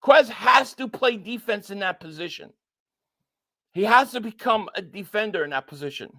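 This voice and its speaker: Reacting live to a football game on his stream, a man narrates plays and reads chat messages out loud in a high-pitched voice at a moderate pace. Excitable by nature, he repeats himself once worked up and alternates between shouting at calls and flat frustration.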